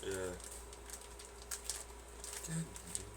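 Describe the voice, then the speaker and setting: Man, casual cooking chat, lively pitch, slow talker, swears, far from mic, loud frying sizzle. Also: gravelly, slight background noise. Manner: rambling, swears freely, jokey. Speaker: streamer. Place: kitchen.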